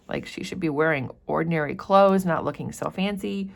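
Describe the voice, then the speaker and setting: A woman with a notably low, deep voice walks through a novel passage by passage. She paraphrases in casual, everyday terms and often says "like" and "so". It sounds like an informal literature lesson. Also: normal speed, gravelly, few pauses. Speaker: literature teacher. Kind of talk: annotated read-aloud of a novel.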